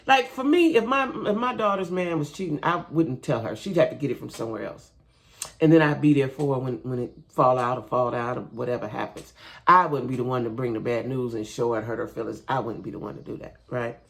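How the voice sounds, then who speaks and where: A woman with a creaky bass voice talks fairly quickly through a casual, chatty recap of a reality TV show. Speaking straight to her viewers, she calls them "y'all" and keeps checking in with "right?"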